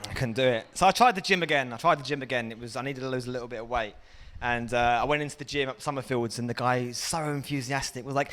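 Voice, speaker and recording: Animated, bright-voiced comedian man. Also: fast. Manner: animated, jumps into loud high-pitched impressions. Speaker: stand-up comedian. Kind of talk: stand-up comedy set. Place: comedy festival stage.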